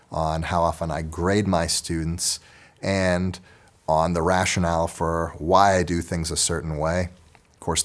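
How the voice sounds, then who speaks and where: A man who teaches orchestra, giving casual advice to other teachers and talking in a loose, chatty way with many restarts. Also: deep voice. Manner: conversational, with frequent restarts and fillers. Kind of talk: casual instructional talk to teachers.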